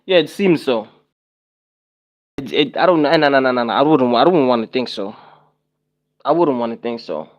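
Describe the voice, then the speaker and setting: A man's voice: medium pitch, very animated, moderate pace, long pauses, muffled recording. A young man on a casual livestream, talking to his viewers and repeating himself in exasperated rhetorical questions.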